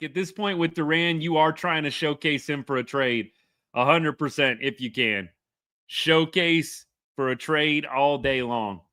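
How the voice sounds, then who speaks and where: A man's voice: a little high, sharp tone, no room sound, clean studio sound. A man hosting a casual live reaction stream, chatty and upbeat as he reads viewer comments. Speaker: livestream host.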